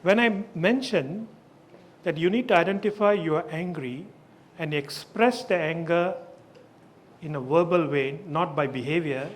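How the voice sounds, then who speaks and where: High-voiced man giving a lively talk. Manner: emphatic, asks the audience questions. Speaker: speaker leading an awareness session. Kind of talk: live lecture to an audience.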